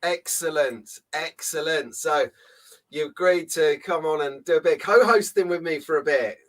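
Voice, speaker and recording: A man's voice: on the high side, normal speed. A man hosting a casual live stream from a small home room, chatty and jokey, greeting viewers by name. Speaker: host.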